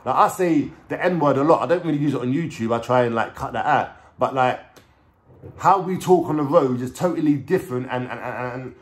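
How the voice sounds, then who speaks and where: Speaking briskly in a mid-range voice, this English vlogger with a London accent recounts something from his own life. He uses casual street slang, swears heavily, and keeps dropping "you know what I'm saying."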